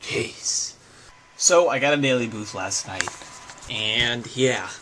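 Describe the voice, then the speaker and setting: A young man talking casually to his handheld camera in a daily vlog, chatty and excitable, breaking into squeals. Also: mid-range voice, slow pace, slight background noise. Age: young adult. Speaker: vlogger. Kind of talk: casual daily video blog. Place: at home, in a car and outdoors on campus.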